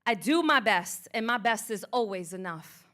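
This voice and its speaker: A woman's voice: mid-range voice, animated, normal speed, sharp tone. A woman motivational speaker performing spoken word live, leading the crowd in rhythmic, declarative affirmations. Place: art museum event space.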